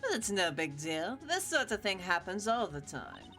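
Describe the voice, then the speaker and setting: A woman's voice: mid-range voice, very animated, moderate pace, bright, forceful tone, soft background music. A woman voicing a proud young female prosecutor with a mock German accent, clipped and haughty.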